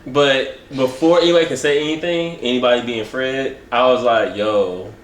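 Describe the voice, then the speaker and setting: Relaxed man telling a self-mocking story. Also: mid-range voice, normal speed, reverberant. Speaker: podcast co-host. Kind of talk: casual chat.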